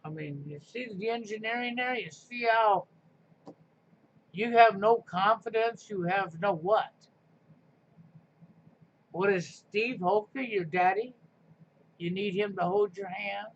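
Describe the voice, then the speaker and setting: A man with a high voice delivers a combative, preachy rant to his live stream audience, with sarcastic jabs throughout. The audio is muffled and lo-fi, with a faint hiss underneath. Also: slow pace, pauses often. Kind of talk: ranting live stream monologue.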